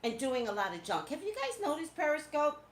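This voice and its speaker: Woman talk host, high and lively, gossipy, faint noise in an echoey room. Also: fairly quick. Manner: animated, gossipy, talks straight to viewers. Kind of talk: casual live-stream chat.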